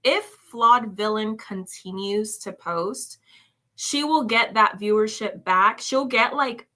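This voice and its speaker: A woman's voice: medium pitch, bright, forceful tone. A woman hosting a casual commentary livestream, reading viewer comments aloud and reacting with laughs and exclamations, often calling her viewers "y'all.". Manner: chatty, addresses viewers as "y'all".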